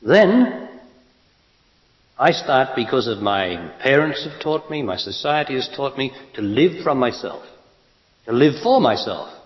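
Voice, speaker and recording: A man speaks bluntly and with emphasis, driving a spiritual talk with rhetorical questions. His voice sits at an ordinary middle pitch. The recording is dull and lo-fi, with a long hall reverb trailing behind him. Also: very animated, a little slow. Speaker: spiritual teacher. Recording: lo-fi echoey hall.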